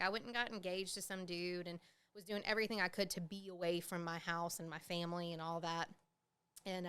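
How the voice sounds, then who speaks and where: A woman hosting a podcast tells her own story candidly in casual fashion, with plenty of fillers and swearing. Her medium-pitched voice is pushed and bright, with a clean tone.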